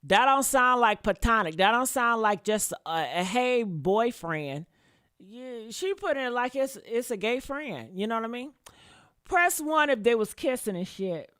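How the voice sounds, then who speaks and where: A woman hosting a celebrity gossip show, reading out statements and reacting bluntly with profane, sassy asides, swinging from low mutters to loud outbursts. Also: no echo, clean studio sound. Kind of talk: casual commentary reading statements.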